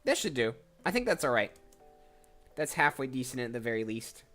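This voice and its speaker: A man's voice: medium pitch, sing-song, moderate pace, a bit bright, faint music behind. A man who voices characters, chatting casually on a live stream and thinking aloud as he goes. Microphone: desk microphone.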